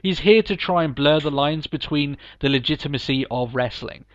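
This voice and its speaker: A man's voice: a little high, normal speed, no room sound, muffled recording. A man co-hosting a podcast, chatting casually and emphatically, laughing often. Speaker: podcast co-host. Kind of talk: casual wrestling review chat.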